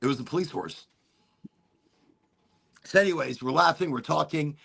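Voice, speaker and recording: A man's voice: a little high, moderate pace, gravelly, a bit bright, breathy edge. A man hosting a casual chat, telling a story with lots of swearing and putting on mock British voices for the people he quotes. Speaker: host.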